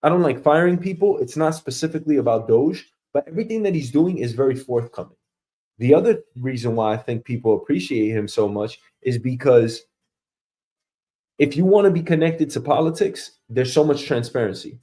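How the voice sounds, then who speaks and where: A man's voice: medium pitch, lively intonation, brisk, mellow. A man hosting a casual show, ranting profanely in a mocking way and acting out quoted coworkers. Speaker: host.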